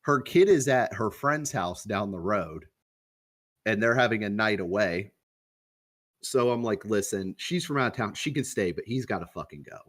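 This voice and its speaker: Young man, podcast co-host, fairly low voice; loose, profane storyteller who acts out the quotes. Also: lively intonation, moderate pace, a bit bright. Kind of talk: casual storytelling.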